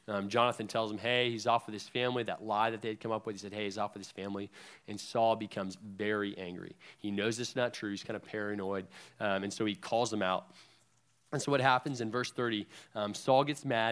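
A man's voice: on the low side, brisk. Young man, youth sermon, casual, ums, everyday retellings. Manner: conversational, frequent ums, lively retellings of scripture.

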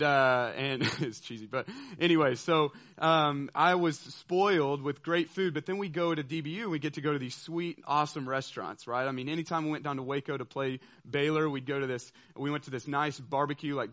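A man telling a personal story to an audience, animated and laughing, often checking in with listeners. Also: medium pitch, brisk. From southeastern United States. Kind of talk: storytelling talk.

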